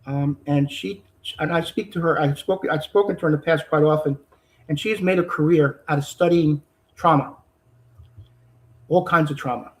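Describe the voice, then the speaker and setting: Earnest man, halting with fillers. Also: fairly high pitch, steady tone, rough recording. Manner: earnest, halting with fillers and repeats, rising intensity when quoting. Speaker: judge, interview guest. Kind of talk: conversational interview.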